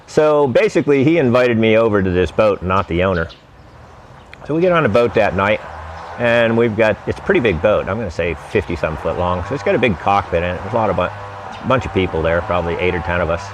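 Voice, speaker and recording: A man's voice: on the low side, animated, a little fast, noisy background. A man telling wry, rambling stories about his sailing travels in a casual, laid-back way. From United States. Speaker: vlogger recounting sailing travels. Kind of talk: casual storytelling.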